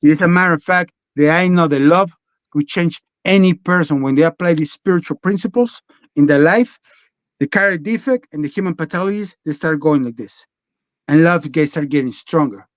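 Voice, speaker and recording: A man's voice: fairly high pitch, fairly quick, no room sound, muffled recording. A man guest telling his own story in a blunt, profane, rambling way. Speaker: podcast guest. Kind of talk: candid personal storytelling.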